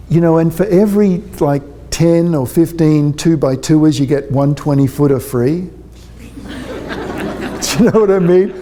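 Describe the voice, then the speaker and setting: Slow-talking man giving a parenting talk. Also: on the high side, warm tone. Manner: chatty, joking, checks in with the audience.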